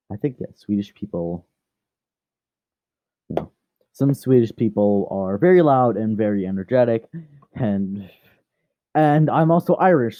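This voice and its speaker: A man's voice: fairly low pitch, no echo, lo-fi sound. A man rambling through a casual fan story, chatty and often correcting himself.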